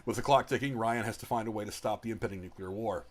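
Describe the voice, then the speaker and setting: Fast-talking man hosting a movie chat. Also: lowish voice. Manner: chatty, laughs easily, many restarts. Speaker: podcast host. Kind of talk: casual movie review chat.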